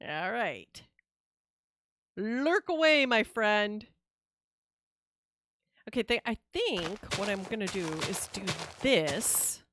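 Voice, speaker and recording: A woman's voice: mid-range voice, big pitch swings, takes it slowly, pauses often, a bit bright, no echo. A woman streaming a game live, chatting casually and expressively with her viewers and reacting with laughs and sighs. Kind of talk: casual live-stream chat while gaming.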